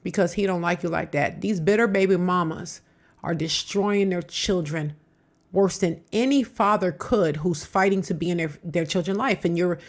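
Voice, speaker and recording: A woman's voice: lowish voice, moderate pace, a little hiss or hum. A middle-aged woman hosting a live reaction show, talking back to the clips she plays with emphatic, personal commentary.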